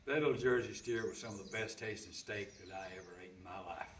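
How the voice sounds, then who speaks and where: A man's voice: fairly low pitch, fast talker. An older man telling a folksy story in a homespun, rambling way, often repeating his words. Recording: roomy sound from a distant mic.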